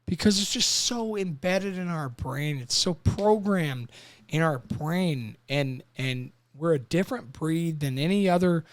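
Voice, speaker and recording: Speaking at a measured pace, a man with a slightly high voice tells animated, emotional stories, cursing heavily and playing out little scenes. He's in his thirties, a former Marine who hosts a podcast, and the casual chat has no room sound.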